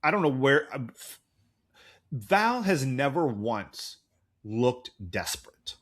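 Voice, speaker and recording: A man's voice: medium pitch, very animated, slow pace, a bit bright. A man in his forties co-hosting a podcast in casual chat, rambling and jokey. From United States. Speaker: podcast co-host.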